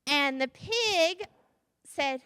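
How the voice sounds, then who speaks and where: A woman's voice: sits high, expressive, very slow, pushed and bright, no room sound. A woman minister telling a playful children's story during a church service. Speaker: interim minister. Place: church sanctuary.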